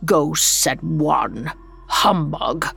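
A woman voicing a grumpy, miserly old man with a croaking voice in an audio drama story. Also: deep voice, very slow, a bit bright, soft background music, pitched below the performer's own voice, full character voice. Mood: scoffing. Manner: croaking, scoffing.

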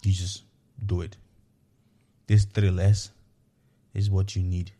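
A man with a low, very dark and mellow voice hosts a motivational podcast. He speaks earnestly and repeats himself as he coaches his listeners, often checking in with an "okay" or a "you know." The delivery is unscripted and conversational. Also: level tone, takes it slowly. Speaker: podcast host.

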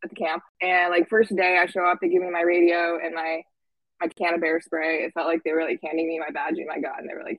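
A young woman from Washington State, a camp staff guest, tells a camp story in a lowish voice, talking fast. She's casual and chatty, full of "like" fillers and lively quoted voices. The audio is dull, with no room sound.

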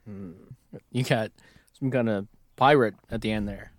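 A man's voice: fairly low pitch, moderate pace, no echo. Brief: playful male co-host, casual banter, lots of laughs, dry close sound. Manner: joking, laughs often, playful wordplay. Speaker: podcast co-host. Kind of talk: casual chat.

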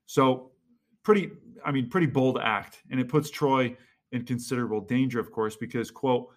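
A man's voice: medium pitch, normal speed. A man hosting a history podcast, chatting with enthusiasm and reading quotes aloud. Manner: enthusiastic, reads quotes aloud then comments. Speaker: podcast host.

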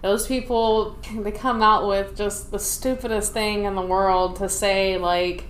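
A woman from Dallas, a Navy veteran, tells her stories with animated energy, often laughing and slipping into the voices of people she quotes. Her voice sits in a middle register. The sound carries a roomy echo. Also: medium pitch, unhurried, a little hiss or hum. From Dallas, Texas. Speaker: podcast guest, Navy veteran. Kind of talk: casual interview storytelling.

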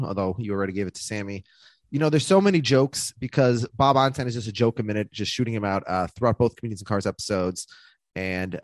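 A man hosting a podcast in casual, joking chat, talking in quick rambling runs. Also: mid-range voice, darkish tone, no room sound. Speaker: podcast host.

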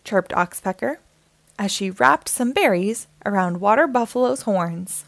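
Slow, lively woman reading to kids. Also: mid-range voice, vocal fry, no room sound. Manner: expressive, voices for the characters. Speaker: storyteller. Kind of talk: children's read-aloud.

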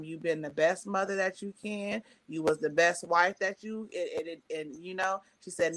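Animated woman telling a story, bright voice. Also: medium pitch. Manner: animated, quotes people in voices, emotional. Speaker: stand-up comedian guest. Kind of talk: casual storytelling chat.

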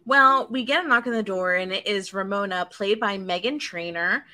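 A woman co-hosting a podcast, recapping a show in a chatty, animated way with lots of fillers. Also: mid-range voice, moderate pace. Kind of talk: casual chat.

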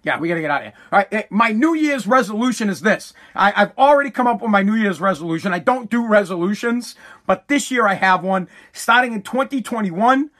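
A middle-aged man telling a profane, comedic rant about his family eating his food, animated and building to shouts. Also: high voice, fairly quick.

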